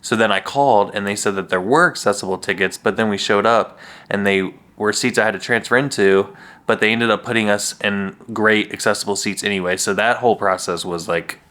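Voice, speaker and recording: A man's voice: on the low side, fairly even intonation, fairly quick, fairly bright tone. A young man co-hosting a vlog, chatting casually and playfully about a day out in the city and joking around. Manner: playful, jokey, does silly voices. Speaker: vlog co-host. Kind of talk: casual chat. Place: New York City.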